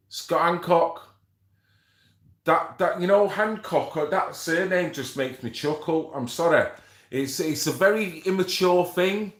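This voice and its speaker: A man's voice: fairly high pitch, slow, echoey room. A man hosting a casual livestream, bantering with viewers, swearing and reading out names from the chat. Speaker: livestream host.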